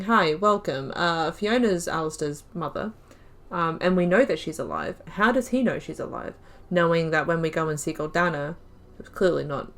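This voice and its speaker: A woman hosting a game playthrough, musing aloud and rambling through her thoughts as she plays. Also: lowish voice. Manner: rambling, musing aloud, acts out quoted lines. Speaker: let's play host. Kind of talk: gameplay commentary.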